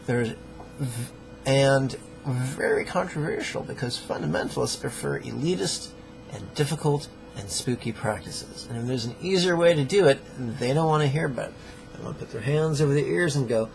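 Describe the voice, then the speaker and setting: A man's voice: mid-range voice, normal speed, gravelly, noisy background. A man teaching a guided meditation lesson in a playful, joking, plainspoken way.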